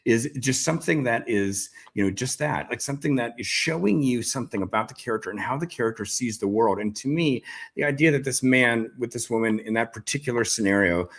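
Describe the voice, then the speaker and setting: A man's voice: mid-range voice, brisk, creaky, husky. A man interviewing an author, speaking in a thoughtful, rambling way with many fillers. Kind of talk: casual conversational interview.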